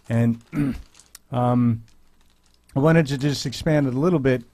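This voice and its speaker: Earnest measured man hosting radio. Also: mid-range voice, mellow, dry recording. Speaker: radio show host. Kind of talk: radio commentary. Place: radio studio.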